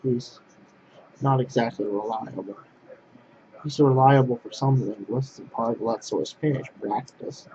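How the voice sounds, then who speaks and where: A man vents bluntly to his webcam, circling back over the same phrases again and again. His voice sits at a middling pitch, and the recording is muffled and lo-fi. A faint hiss runs underneath. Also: a little slow, warm tone. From Poland. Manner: blunt, repetitive, restarts phrases. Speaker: vlogger. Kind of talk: casual ranting monologue to camera.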